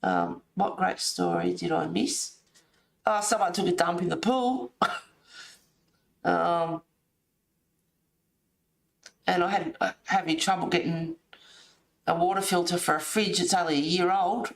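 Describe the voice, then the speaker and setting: Slow gravelly woman chatting to viewers. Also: lowish voice, animated, reverberant. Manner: chatty, laughs often, answers viewers. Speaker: livestream host reading chat. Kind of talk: casual chat while colouring. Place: home room at a table.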